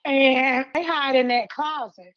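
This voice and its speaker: High-voiced woman retelling a story animatedly. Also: slow pace, dry recording, muffled recording. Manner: animated storytelling in colloquial Southern US English, acts out lines. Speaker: podcast co-host reviewing a fan story. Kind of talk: casual retelling chat.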